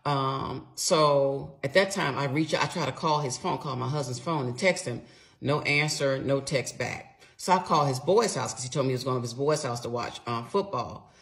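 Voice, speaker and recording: A woman's voice: extremely low pitch, moderate pace. A middle-aged woman vlogger telling a personal story in a casual storytime style, emotional and blunt, swearing freely and talking straight to her viewers.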